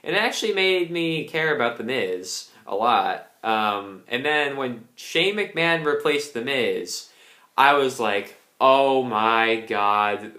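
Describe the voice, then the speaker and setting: A man's voice: medium pitch, bright, forceful tone. A young man giving a casual, angry ranting review, swearing a lot. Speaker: wrestling reviewer. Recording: roomy echo.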